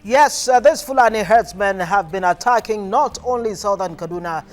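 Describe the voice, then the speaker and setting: Nigerian male TV host, high voice, probing and halting. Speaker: news show host. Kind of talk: news talk show interview.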